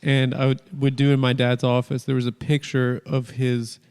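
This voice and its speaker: A man's voice: medium pitch, monotone, normal speed, darkish tone, clean tone, big-room sound. A man hosting a casual comedy podcast, telling a rambling, self-interrupting story. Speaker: show host.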